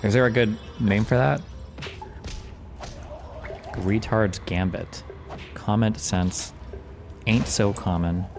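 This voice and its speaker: A man's voice: lowish voice, measured pace, music in the background. Casual rambling man streaming commentary. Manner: rambling, self-deprecating, profane. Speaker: streamer reacting to a debate. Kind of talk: casual commentary while gaming.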